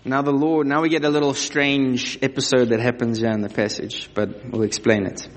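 A man's voice: mid-range voice, flat delivery, normal speed. A man preaching a sermon, reading scripture and then talking to the listeners in a conversational way, asking them direct questions. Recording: long hall reverb.

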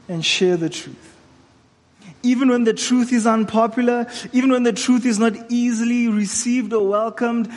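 A male preacher delivers a sermon in an earnest, exhorting manner, pacing his words with care. His voice sits high, and a long hall reverb trails behind each phrase.

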